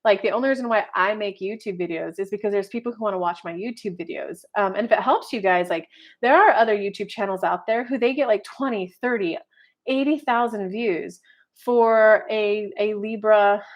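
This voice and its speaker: A woman's voice: mid-range voice, moderate pace. A woman life coach and tarot reader talking casually to viewers in a rambling, chatty way with many filler words. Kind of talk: casual horoscope video monologue.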